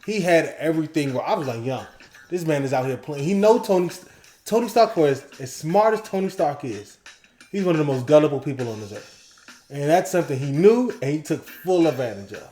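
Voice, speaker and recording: A man co-hosting a casual talk show, ranking episodes and excitedly quoting scenes in animated bursts. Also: fairly high pitch, a little fast, echoey room, a little hiss or hum. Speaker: podcast co-host.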